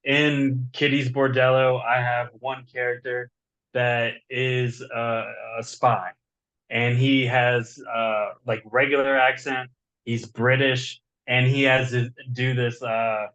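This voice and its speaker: A man's voice: medium pitch, little pitch movement, takes it slowly, fairly bright tone, poor audio. A man with a slight Southern accent, chatting as a guest author in a rambling, enthusiastic way and often repeating words. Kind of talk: casual chat.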